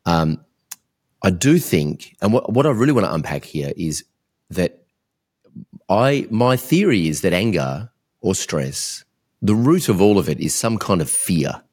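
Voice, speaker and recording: A man's voice: deep voice, sing-song, a little slow, darkish tone, slightly rough. A man hosting a podcast interview, talking candidly and rambling in a self-reflective way. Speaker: podcast host.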